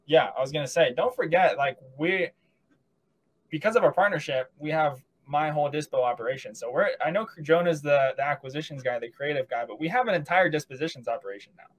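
A man's voice: a little high, fast, poor audio. A young man who is a guest on a podcast, talking in an easygoing, casual way. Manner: easygoing, laughs often.

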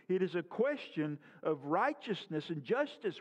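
A man's voice: high-pitched, sing-song, measured pace, hardly any pauses, slightly rough. A man preaching a sermon as pastor, earnest and full of rhetorical questions, his voice rising and falling.

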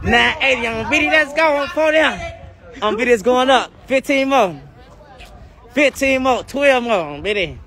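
A young man streams live from his phone outdoors on a city block, his voice high and bright. He keeps hyping his viewers, talking in loose, profane street slang. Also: animated, normal speed, a faint crowd. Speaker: livestream host. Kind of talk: casual livestream chat.

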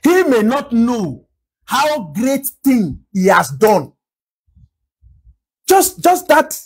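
Emphatic Nigerian pastor with husky voice. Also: male voice, very high voice, sing-song, takes it slowly, pauses often, darkish tone, low-quality recording. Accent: Nigerian English. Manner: emphatic rhetorical questions, repetition. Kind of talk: sermon.

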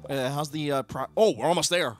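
Young male streamer, high and bright, playful banter, faint game music under him. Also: a little fast. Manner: playful, bursts into loud teasing shouts. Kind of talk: casual gaming chat.

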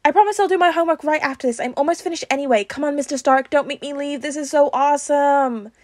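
A woman voicing an eager, excitable teenage boy hero in a read-aloud fan story. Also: mid-range voice, a little fast, gravelly, husky, dry recording, clean studio sound, full character voice. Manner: pleading, excitable, later weak and slurred.

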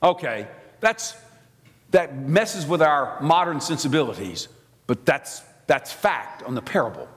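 A man with a Southern American accent from Alabama, preaching a sermon as an animated, theatrical storyteller. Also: fairly high pitch, unhurried. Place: large church sanctuary. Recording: long church reverb.

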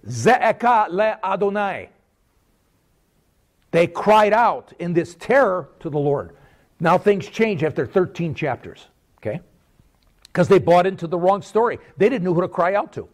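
A man preaching a sermon as pastor, animated, with repeated rhetorical questions and swings between loud and quiet. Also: sits high.

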